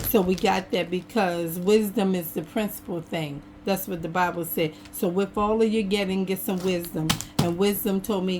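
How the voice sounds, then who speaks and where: A woman's voice: medium pitch, noisy background. A woman in casual chat at her home craft table, talking to her viewers in a folksy, chatty way. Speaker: craft vlogger. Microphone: camera on an over-table tripod.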